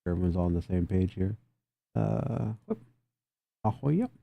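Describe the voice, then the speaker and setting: A man's voice: low-pitched, wildly swooping pitch, moderate pace, gravelly, no room sound, dull audio. A man running a tabletop game, laughing often and voicing slangy street characters in loose, profane chat. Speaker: game master.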